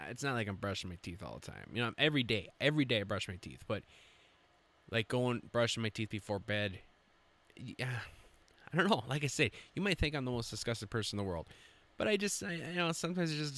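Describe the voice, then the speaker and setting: A man's voice: mid-range voice, sing-song, fairly quick, pauses often, fairly bright tone. A man hosting a podcast, chatting casually in a rambling, self-deprecating way with lots of fillers and restarts. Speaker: podcast host. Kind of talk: casual chat.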